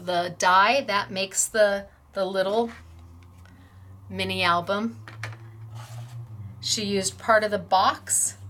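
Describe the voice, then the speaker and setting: A middle-aged woman hosting a craft class from her store, gushing and emotional over handmade gifts, laughing often and talking slowly and fondly. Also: mid-range voice, a bit bright. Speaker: craft store owner and host. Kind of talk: unboxing and showing crafts on a class video.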